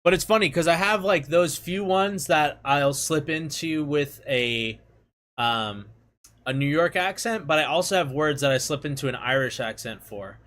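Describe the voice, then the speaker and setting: A man's voice: fairly high pitch, moderate pace, fairly bright tone. A man chatting casually with viewers, laughing often. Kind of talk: casual chat.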